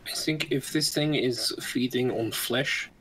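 A man's voice: mid-range voice, unhurried, a bit bright, slight background noise, poor audio. Man thinking aloud as a tabletop player. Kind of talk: casual tabletop game chat.

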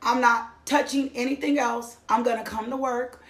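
A woman's voice: on the high side, steady tone, normal speed. A middle-aged woman giving a church testimony, emphatic and repeating phrases for effect. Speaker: testimony speaker. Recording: echoey room.

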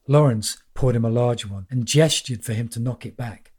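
A man's voice: mid-range voice, normal speed, a little mellow, husky. A man narrating an audiobook in a dry, wry way.

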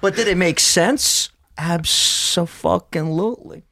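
Young male podcast co-host, animated and profane, lively pitch. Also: fast talker. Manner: animated, profane storyteller who laughs a lot. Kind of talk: casual podcast banter.

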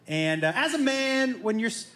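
A middle-aged man doing stand-up storytelling, animated and acting out his family members' voices. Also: extremely high pitch, normal speed. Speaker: stand-up comedian. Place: comedy stage before a live audience.

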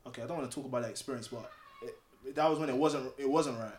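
A young man in a casual group chat, animated and joking. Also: mid-range voice, fast talker, roomy sound, a little hiss or hum.

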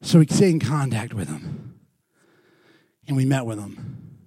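A man preaching as a pastor, telling a story with animated swings from loud bursts to quiet, intimate passages. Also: mid-range voice, measured pace, slightly rough, dry recording, studio quality. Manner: animated, swings from shouting to hushed. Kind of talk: sermon storytelling.

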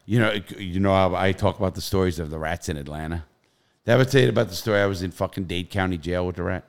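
A middle-aged man telling profane, animated stories in casual podcast chat, with loud bursts. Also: deep voice, fast.

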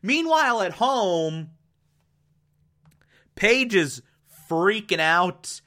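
Slow, bright-voiced chatty man. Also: high voice, sing-song. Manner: chatty, laughs often, lots of fillers. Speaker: podcast host. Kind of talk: casual TV episode recap.

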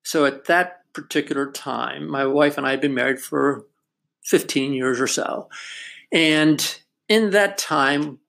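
A man's voice: fairly high pitch, unhurried, gravelly, fairly bright tone. An older man in casual chat, telling a family story in a reflective way and laughing now and then.

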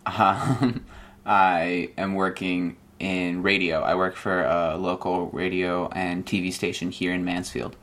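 A young man with a low voice speaks as a guest in a relaxed interview. He tells his story with energy and acts out the lines people said. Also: slow pace. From Nigeria and Ohio. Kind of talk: casual interview.

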